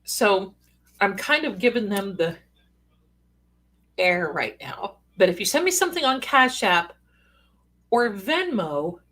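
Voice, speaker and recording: A woman's voice: medium pitch, sing-song, takes it slowly, pauses often, a bit bright. A woman hosting a live stream as a psychic, talking casually with folksy, sassy asides. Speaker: psychic livestream host.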